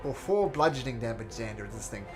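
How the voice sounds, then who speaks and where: A man narrating as game master in a tabletop game, describing attacks and rolls in a lively way. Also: medium pitch, quick pace. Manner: lively, voices monsters and reads out rolls. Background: background music.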